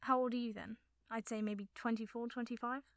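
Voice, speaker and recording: A man's voice: very high-pitched, flat delivery, brisk, gravelly, smooth, no echo, studio quality, full character voice. A woman voicing a teasing young man. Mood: curious. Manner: teasing, then soft and gentle.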